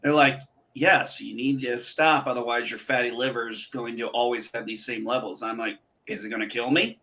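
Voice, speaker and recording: A man's voice: mid-range voice, fairly even intonation, normal speed, pushed and bright. A man hosting a casual chat, telling rambling stories and swearing freely. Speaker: podcast host.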